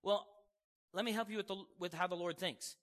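A male preacher delivering an animated sermon, asking the congregation questions and acting out scripture voices. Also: high-pitched, a little fast. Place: church hall. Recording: echoey hall reverb.

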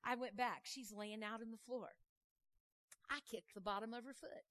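A woman preaching a sermon, telling a story in a lively, conversational way, with folksy phrasing and questions tossed to the congregation. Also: on the high side, moderate pace. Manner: animated, conversational, asks the crowd questions.

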